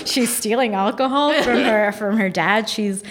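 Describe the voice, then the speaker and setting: A woman's voice: mid-range voice, measured pace, a faint crowd, slight background noise. A young adult woman, an actress being interviewed, talking casually in a rambling, giggly way full of "like". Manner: giggly, rambling, filler-heavy with frequent "like".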